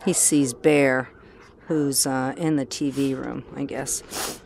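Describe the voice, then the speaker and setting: A woman's voice: rumbling low, steady tone, slow pace, gravelly, a little mellow, a little hiss or hum. A woman outdoors on a deck, talking fondly to her dog in a casual home video, with asides to the camera. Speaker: dog owner filming her pet. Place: outdoors on a deck in icy weather.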